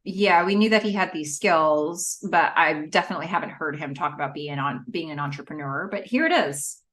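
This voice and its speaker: A woman co-hosting a podcast in casual chat, animated, with frequent laughs and trailing fillers. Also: sits low, fairly quick. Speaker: podcast co-host. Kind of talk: casual chat recapping a TV show.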